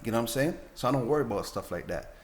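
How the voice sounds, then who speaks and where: Laid-back Jamaican barber. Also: male voice, medium pitch, lively intonation, very fast, slight background noise. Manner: laid-back, repeats himself, keeps saying "you know what I'm saying". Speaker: barber guest. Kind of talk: casual chat.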